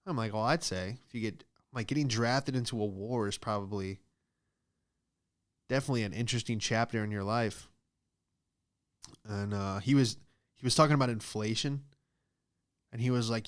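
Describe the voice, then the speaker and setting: A young American man hosting a podcast, telling rambling comedic stories and acting out the people in them with squeaky high voices. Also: moderate pace, a bit bright, clear, resonant tone. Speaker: podcast host. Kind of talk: casual comedic monologue.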